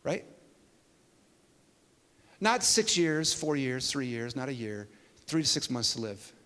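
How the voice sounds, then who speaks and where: A man preaching a sermon to a church, telling a story with an animated delivery that swings from hushed to loud. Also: medium pitch, slow pace. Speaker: pastor. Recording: long hall reverb.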